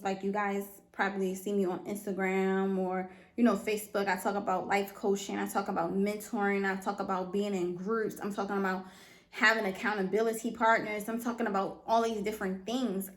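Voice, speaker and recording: An earnest woman hosts her own podcast, speaking emphatically and circling back to the same phrases. She keeps asking the listener whether they follow her. Her voice sits at a middle pitch and rings a little in an echoey room. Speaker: podcast host. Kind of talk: motivational solo podcast talk.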